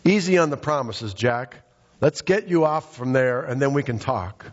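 Man voicing a calm, patient God. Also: medium pitch, lightly acted. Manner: calm, unhurried, reassuring. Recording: dull, echoey hall recording.

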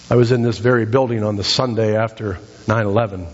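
An American man preaching a sermon in a church, emphatic, repeating phrases with sudden swings in pitch. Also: fairly even intonation, quick pace, few pauses. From United States. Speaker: pastor. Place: church sanctuary. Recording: dull sound with long hall reverb.

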